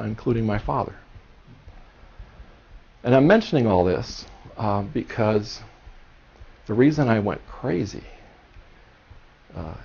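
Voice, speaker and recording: A Cuban historian in his sixties gives a seminar talk, telling his story earnestly and passionately. His lowish voice has vocal fry, a darkish tone and a breathy edge, captured in a dull lo-fi recording in a seminar room.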